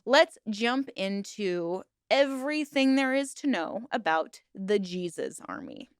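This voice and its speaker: A woman's voice: mid-range voice, sing-song, slow pace, clear, resonant tone, no echo, clean studio sound. An upbeat woman hosting a video series, mixing scripted documentary narration with playful, self-joking chat to viewers. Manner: upbeat, playful, jokes about herself. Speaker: true-crime and cult video host.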